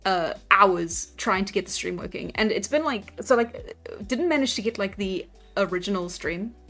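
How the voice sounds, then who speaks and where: Drawing live for her viewers, a young woman livestreamer keeps up casual chat, giggling, talking a lot, laughing often and restarting frequently. Her medium-pitched voice is a bit bright, with lively intonation and a moderate pace. Faint music can be heard in the background.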